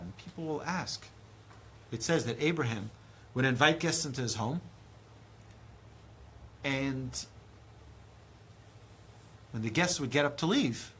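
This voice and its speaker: A man in his thirties, a rabbi giving a lively Torah lecture, acting out dialogue with big swings in pitch and loudness. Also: measured pace, long pauses, a little hiss or hum. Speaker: rabbi teaching a class.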